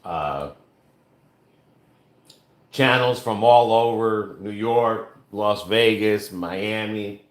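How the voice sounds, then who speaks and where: A man co-hosting a casual home livestream, explaining things slowly with halting fillers while reading out viewer comments. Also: fairly low pitch. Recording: echoey room.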